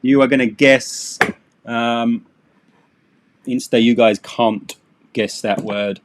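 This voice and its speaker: A man's voice: mid-range voice, fairly even intonation, slow, slight background noise. A middle-aged man teaching a casual live English lesson, joking and sarcastic.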